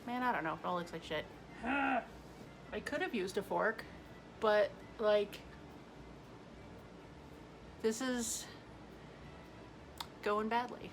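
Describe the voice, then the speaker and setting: A woman's voice: medium pitch, slow pace, long pauses, background noise. A woman hosting a casual cooking vlog in her home kitchen, chatty and self-mocking, laughing often. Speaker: cooking show host.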